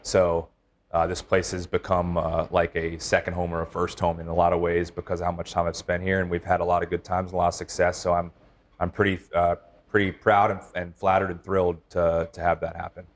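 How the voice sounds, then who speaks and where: A middle-aged man, a baseball team manager, talking casually in an interview, relaxed and rambling with many fillers and restarts. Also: low-pitched, brisk.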